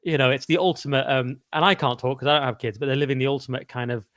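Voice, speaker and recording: Tired guy on a livestream, quick talker, dry close sound, self-deprecating jokes. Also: mid-range voice, a bit bright, no room sound. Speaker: livestream host. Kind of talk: casual live stream chat.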